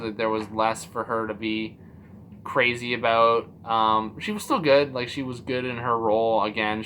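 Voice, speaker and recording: A man giving a casual spoiler review of a TV series, animated and profane, acting out his own reactions with lots of fillers. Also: mid-range voice, a little hiss or hum. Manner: loose and profane, many fillers.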